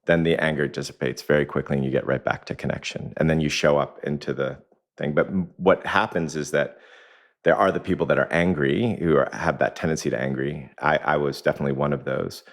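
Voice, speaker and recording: Very deep-voiced man talking reflectively. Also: fairly even intonation, fairly quick. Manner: reflective, explains through anecdotes, chuckles often. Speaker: executive coach, podcast guest. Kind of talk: conversational podcast interview. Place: home kitchen.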